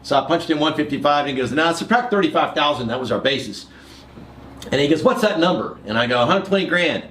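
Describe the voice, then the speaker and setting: A man from San Antonio, a guest broker on a podcast, quickly retelling an old deal in a casual chat. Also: on the high side, lively intonation, a bit bright, reverberant. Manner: quick, chatty, quotes a partner's dialogue. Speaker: guest, commercial real estate broker.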